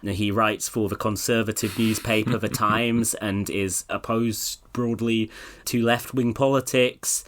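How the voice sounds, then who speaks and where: A man's voice: fairly low pitch, fairly even intonation, measured pace, fairly bright tone. A British man co-hosting a political podcast, talking in a sardonic, profane way and laughing often. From Britain. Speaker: podcast co-host. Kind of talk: casual political podcast chat.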